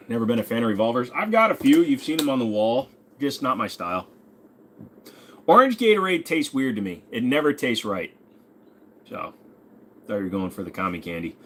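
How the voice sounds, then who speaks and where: A man's voice: medium pitch, a bit bright, slight background noise. A man in his forties hosting a casual livestream, reading out viewer questions and joking back in a laid-back way with some swearing. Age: 40s. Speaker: host.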